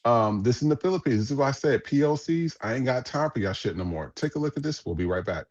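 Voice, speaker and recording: A man's voice: mid-range voice, animated, quick pace, darkish tone, muffled recording. Blunt, profane male podcast host. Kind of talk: casual news commentary.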